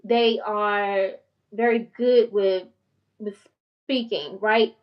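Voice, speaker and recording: A woman in her forties with a country North Carolina accent, talking fast and passionately to her viewers in a casual vlog. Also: medium pitch, steady tone, distant mic, muffled recording. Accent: Southern US, North Carolina country. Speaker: channel host and therapist.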